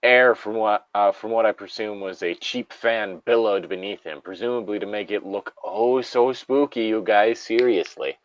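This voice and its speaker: A man's voice: on the low side, moderate pace, hardly any pauses, no room sound. A man co-hosting a podcast, chatting casually and reading a creepypasta aloud, swearing freely, laughing often and drifting into asides. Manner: profane, laughs a lot, rambling asides. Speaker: podcast co-host. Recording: slightly dull lo-fi sound.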